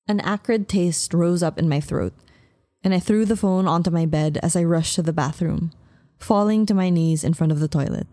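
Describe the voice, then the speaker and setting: A woman's voice: fairly low pitch, warm tone, no room sound, studio quality. A woman reading a romance novel aloud as an audiobook narrator. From Philippines. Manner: measured, emotive first-person reading.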